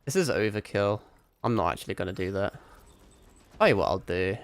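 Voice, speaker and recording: A man's voice: fairly low pitch, expressive, brisk. A young man streaming a shooter game, rambling and swearing casually as he plays. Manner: sweary, rambling, self-mocking. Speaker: vtuber streamer. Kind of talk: casual gaming stream commentary.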